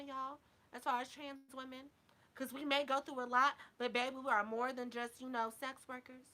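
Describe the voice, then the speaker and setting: A woman's voice: a little high, sharp tone. A woman vlogger talking casually to her viewers, sassy and blunt with heavy swearing, a little drunk. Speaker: YouTube vlogger. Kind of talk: casual live chat to viewers.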